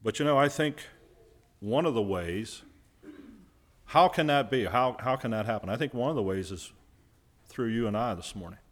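A man's voice: mid-range voice, expressive, normal speed, long pauses. A man preaching a sermon, who puts questions to his listeners and answers them himself, and stresses key words by repeating them.

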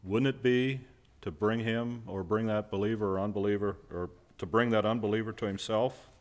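A man's voice: fairly low pitch, steady tone, normal speed. A man preaching a sermon, who puts questions to his listeners and answers them himself, and stresses key words by repeating them.

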